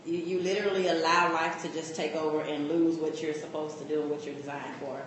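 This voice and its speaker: A woman giving a casual, animated personal testimony at a coaching meeting. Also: low-pitched, brisk. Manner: casual, animated storytelling with laughter. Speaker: coaching client. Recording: echoey room with faint noise.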